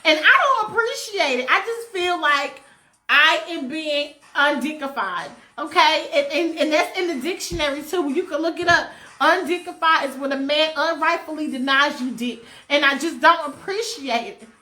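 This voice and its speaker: A woman's voice: high-pitched, pushed and bright, roomy sound. A woman playing a sassy, impatient young singer. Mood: indignant. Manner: sassy, profane, quick retorts.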